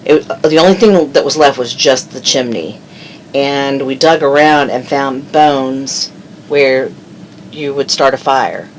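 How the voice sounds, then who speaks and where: A woman being interviewed, telling a story from her youth in a halting way full of fillers. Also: very deep voice, slight background noise, poor audio. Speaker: interview guest. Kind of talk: casual storytelling.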